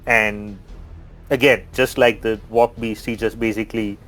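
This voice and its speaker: A man's voice: fairly low pitch, fairly even intonation, a little fast, soft background music, poor audio. A man playing a tabletop game, chatting casually and narrating his character's action. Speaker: player.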